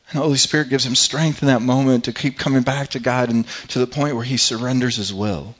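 A man preaching during a church service, earnest and halting, circling back over his words. His voice sits at an ordinary middle pitch. The recording is dull and lo-fi. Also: steady tone, fairly bright tone. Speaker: pastor. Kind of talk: sermon and prayer.

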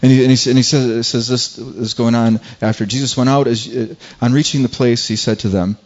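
A man preaching a sermon in a mid-range voice. He repeats words as he goes and climbs higher when he stresses a point. The recording is a little dull and muffled. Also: steady tone, a little fast, darkish tone. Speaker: pastor.

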